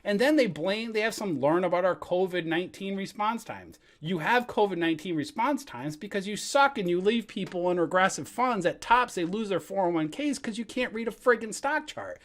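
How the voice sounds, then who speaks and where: A man who teaches stock trading, ranting heatedly about his brokerage, swearing, with loud outbursts and muttered asides. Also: high voice, expressive, brisk, few pauses. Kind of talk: angry livestream rant.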